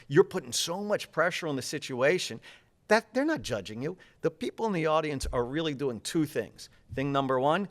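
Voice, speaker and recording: Speaking in a higher-than-average voice, a man answers interview questions as a public speaking coach, energetic, quick-talking, and gesturing throughout.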